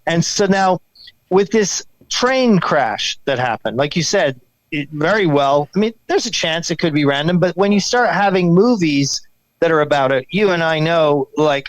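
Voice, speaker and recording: A man talking as a guest on a podcast, telling stories in a rambling, animated way and acting out the sounds and quotes in them. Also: fairly high pitch, dry recording, rough recording. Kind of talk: casual podcast conversation.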